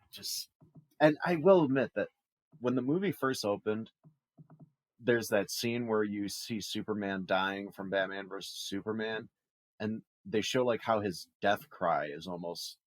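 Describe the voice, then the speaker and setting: A man with a very low voice in casual podcast talk, wry and amused, laughing his way through his complaints. His voice sits close and dry on the mic. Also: dry recording. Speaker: podcast co-host. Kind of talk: casual movie review chat.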